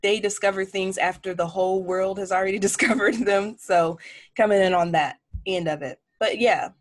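A woman's voice: mid-range voice, normal speed. A woman of forty, a chef, telling stories frankly in a casual interview and acting out what people said. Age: 40s. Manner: frank, animated storytelling with acted-out quotes. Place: home office lined with cookbooks.

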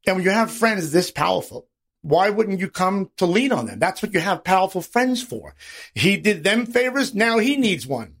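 A man's voice: sits high, normal speed. A man hosting a podcast, telling stories in a casual, profanity-laced monologue and acting out the people he quotes. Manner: animated storytelling, acts out quoted voices. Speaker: podcast host.

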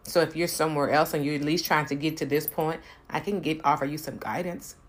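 A woman's voice: low voice, steady tone, fairly quick. A woman talking earnestly and emphatically about personal growth and spirit, swearing now and then for emphasis. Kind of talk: personal reflective talk to camera.

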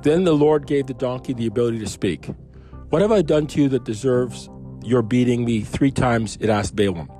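A man's voice: mid-range voice, moderate pace, mellow, soft background music. A man reading a Bible passage aloud and breaking off into chatty, musing asides with restarts. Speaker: Bible reader and commentator. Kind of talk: casual Bible reading with commentary.

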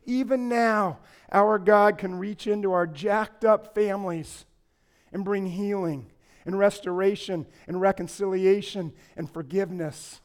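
A man preaching a sermon as pastor, rising to loud impassioned lines and dropping low, with playful asides to the congregation. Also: fairly even intonation, a little slow.

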